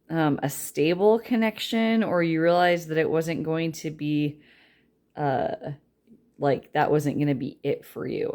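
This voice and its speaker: A woman's voice: deep voice, a little mellow. A woman giving a casual tarot reading, chatty and rambling, with a light Southern drawl that slips in. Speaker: tarot reader.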